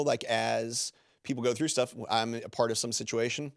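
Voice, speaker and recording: A man's voice: medium pitch, normal speed, dry recording, clean studio sound. A man speaking as a guest on a podcast, in loose, rambling conversation full of filler words and restarts. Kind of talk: casual interview talk.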